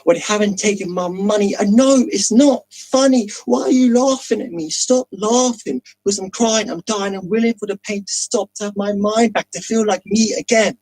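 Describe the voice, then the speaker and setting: A man performing a spoken word poem slowly and dramatically, with long pauses, over a video call. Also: sits high, a little mellow, low-quality recording.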